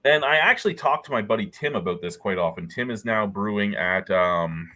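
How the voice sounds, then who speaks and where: A man's voice: fairly low pitch, animated, brisk, pushed and bright. A man in a casual beer chat, ranting with lots of swearing and exasperation. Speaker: guest.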